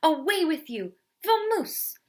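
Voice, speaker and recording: A woman voicing a grumpy, irritable male bear in a storybook read-aloud, loud and high-pitched when he yells. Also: very animated, slow, exaggerated voice. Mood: roaring.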